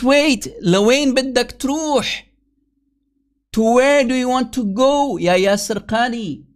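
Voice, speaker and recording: Slow, combative speaker making a rebuttal. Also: medium pitch. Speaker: critic making a rebuttal video. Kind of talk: rebuttal commentary.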